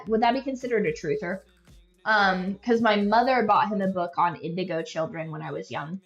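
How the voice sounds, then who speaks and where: A young woman hosting a podcast, telling stories in a casual, rambling, self-deprecating way and leaning heavily on "like" as a filler. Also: mid-range voice. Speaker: podcast host. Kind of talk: casual rambling storytelling chat. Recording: echoey room, dull lo-fi sound.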